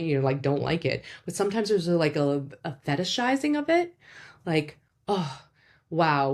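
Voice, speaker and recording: Low-voiced woman, chatty psychologist host, informal and animated. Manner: chatty, lots of "like" and "right?", animated demonstrations. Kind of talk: casual educational talk.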